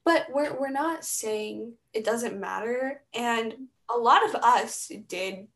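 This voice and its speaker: A woman's voice: on the high side, slow pace, fairly bright tone. A young woman co-hosting a podcast, chatting casually and choosing her words with care. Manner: thoughtful, careful, hedging. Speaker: podcast co-host. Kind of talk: casual chat.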